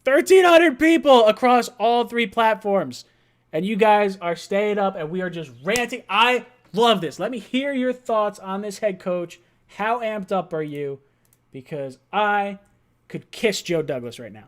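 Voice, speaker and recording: A young man hosting a late-night live fan show from home, rambling excitedly and laughing often. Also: sits high, unhurried. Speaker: livestream host.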